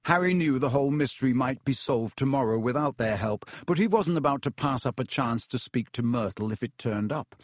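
Brief: male audiobook narrator, mid pitch, measured, dry close mic. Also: expressive, dry recording. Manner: measured storytelling. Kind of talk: scripted narration.

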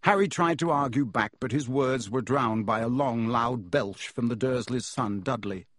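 A man narrates an audiobook in a measured, storytelling way, with a husky edge to his mid-pitched voice. The recording is dry and close, with no room sound. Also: a bit bright, no room sound.

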